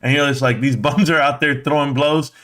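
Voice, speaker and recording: Man, higher pitched, live stream host, blunt, mocking, profane reaction talk. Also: steady tone, fairly quick, a bit bright. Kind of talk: reaction commentary.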